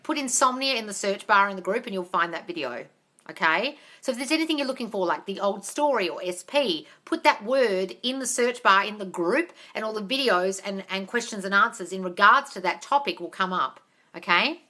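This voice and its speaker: Woman, bright voice, blunt and brisk, swears a lot, live-stream coach chat. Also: medium pitch, animated. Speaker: manifestation coach hosting a live Q&A.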